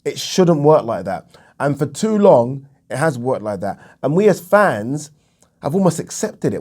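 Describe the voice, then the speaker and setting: A man's voice: a little high, very animated, normal speed, a little mellow. A man giving a heated solo commentary on boxing, repeating himself for emphasis and swearing freely. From England. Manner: indignant, repetitive, emphatic, swears. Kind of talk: opinion vlog rant.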